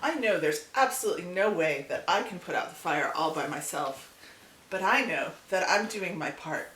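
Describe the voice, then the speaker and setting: A woman voicing a tiny, determined female hummingbird who answers calmly and earnestly. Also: lowish voice, normal speed, slight background noise. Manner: calm, earnest, gently insistent. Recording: echoey room, distant mic.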